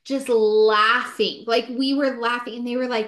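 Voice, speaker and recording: A woman's voice: fairly high pitch, fairly even intonation, normal speed, fairly bright tone. A woman co-hosting a casual podcast, telling a family ghost story with lots of "like" fillers. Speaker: podcast co-host. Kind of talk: casual chat.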